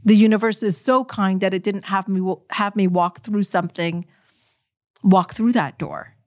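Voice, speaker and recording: A middle-aged woman telling her own story to an audience, emotional and animated, speaking straight to her listeners. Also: medium pitch, normal speed, no echo, clean studio sound. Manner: animated, emotional, direct address.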